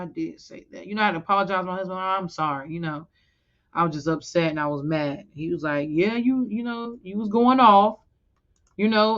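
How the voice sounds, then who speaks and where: A woman's voice: mid-range voice, fairly bright tone, highs cut off. A woman giving an informal sermon to the women of her congregation, talking casually and stopping now and then to check a scripture reference. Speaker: women's teacher in a religious congregation.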